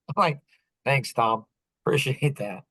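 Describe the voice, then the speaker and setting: A man hosting a business podcast, telling a story in casual talk, animated and laughing often as he acts out dialogue. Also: medium pitch, takes it slowly, rough recording. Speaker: podcast host.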